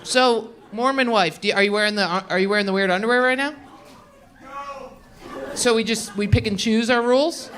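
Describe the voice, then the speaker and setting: A woman's voice: a little high, moderate pace, pauses often, a little hiss or hum. A woman stand-up comedian doing crowd work on a club stage, brash and profane as she riffs with the audience. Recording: roomy club sound with loud audience.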